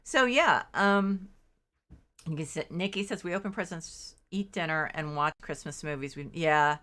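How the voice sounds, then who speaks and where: A woman's voice: low voice, normal speed, a bit bright. A middle-aged woman streamer chatting casually while playing, rambling and restarting her sentences, acting out her own disbelief. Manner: rambling, self-interrupting, quotes herself in exaggerated disbelief. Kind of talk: casual chat while gaming.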